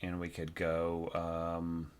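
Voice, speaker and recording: A man's voice: low-pitched, monotone, slow pace, clean tone. A man teaching orchestration, giving feedback on a score while thinking aloud. He often sings the musical parts and asks "right?". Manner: frequent fillers and restarts, encouraging but direct. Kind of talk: spoken feedback lesson on a score.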